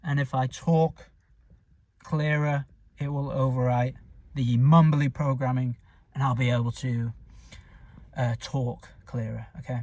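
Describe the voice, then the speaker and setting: A man's voice: medium pitch, fairly even intonation, unhurried, long pauses, darkish tone. A man with a northern English accent talks through a casual vlog. He is blunt and sweary, and he mumbles and rambles. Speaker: vlogger. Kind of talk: casual self-talk vlog.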